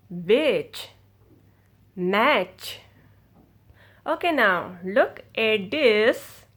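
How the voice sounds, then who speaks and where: A woman teaching English pronunciation, repeating each word slowly and deliberately for her students. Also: fairly high pitch, a bit bright. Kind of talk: pronunciation lesson.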